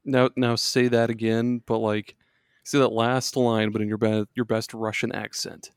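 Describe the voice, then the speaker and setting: A laid-back man hosts a gaming podcast, teasing his guests. His voice has a gravelly, fry-edged texture. The recording is dry and close. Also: lowish voice, flat delivery, normal speed, no room sound. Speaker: podcast host. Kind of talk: casual podcast chat.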